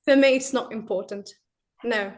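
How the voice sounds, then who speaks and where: Woman, high voice, firm and reassuring, interview guest. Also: normal speed, darkish tone. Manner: firm, reassuring, repeats her point. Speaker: interview guest, English learner. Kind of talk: casual interview answers.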